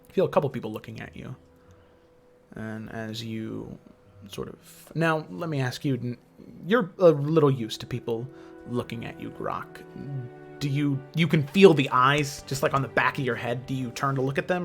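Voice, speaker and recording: A man narrates a tabletop game as game master, painting scenes unhurriedly and pausing on frequent fillers. His voice sits at a middle pitch. Faint music plays underneath. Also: creaky. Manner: descriptive, unhurried, many fillers.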